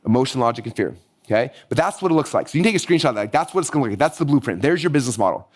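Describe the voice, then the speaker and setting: A man teaching a live online marketing workshop, energetic and hyped-up, his voice going hoarse. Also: medium pitch. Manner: energetic, hyped-up, rapid-fire. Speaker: marketing course instructor.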